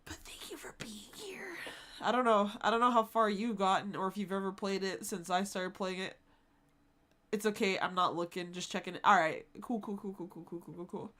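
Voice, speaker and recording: A woman's voice: mid-range voice, fairly even intonation, fairly quick, a bit bright. A woman streaming live, chatting casually with her viewers, swearing freely and laughing often.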